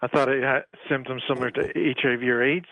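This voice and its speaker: Flat-voiced caller from Canada. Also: male voice, medium pitch, quick pace, no room sound, narrow, tinny audio. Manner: flat, hesitant with many fillers. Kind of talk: call-in radio storytelling.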